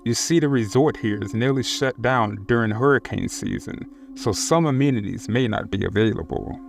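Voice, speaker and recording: A man voicing a large, formal male resort concierge who speaks slowly and politely in a spoken horror story. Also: medium pitch, creaky, close to an everyday voice. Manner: slow, formal, measured.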